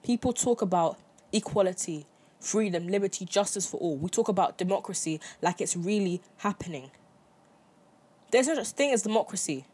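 A woman's voice: medium pitch, expressive, normal speed, warm tone, breathy edge. A young adult woman hosting her own podcast, giving an impassioned opinion monologue full of emphatic repetition. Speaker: podcast host.

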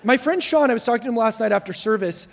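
Young male guest preacher, high voice, jokey storyteller, hall echo. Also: fast, vocal fry. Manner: joking, self-deprecating, lively storytelling. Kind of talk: sermon. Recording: long hall reverb.

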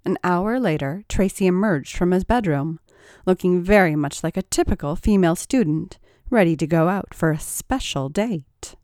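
A woman narrates scripted fiction in a lowish voice with a lot of movement in her pitch. She reads expressively and takes on each character herself. The recording is dry, with no room sound. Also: expressive, normal speed, darkish tone, dry recording.

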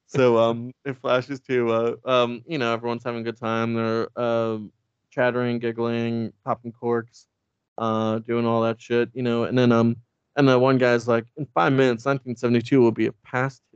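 A man's voice: mid-range voice, completely flat delivery, unhurried, clean tone, no echo, muffled recording. A man in casual comedic chat, retelling a show with frequent laughs and swearing. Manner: laughs often, swears, acts out characters' lines.

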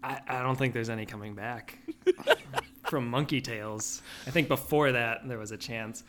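A man co-hosting a podcast in casual chat, making dry, measured remarks. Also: mid-range voice, heavy background noise. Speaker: podcast co-host.

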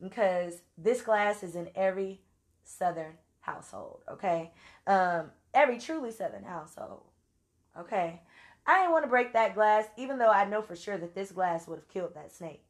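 A woman's voice: mid-range voice, expressive, moderate pace. A woman from Louisiana with a Louisiana accent, telling a story casually and with salty language while acting out her own quotes. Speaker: vlogger.

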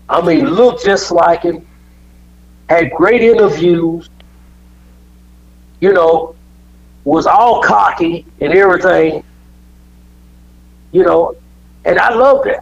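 An older man tells stories as a podcast guest, his voice sitting a little high. He rambles, restarts and repeats words. The audio is dull and lo-fi. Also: creaky, husky. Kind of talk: podcast storytelling.

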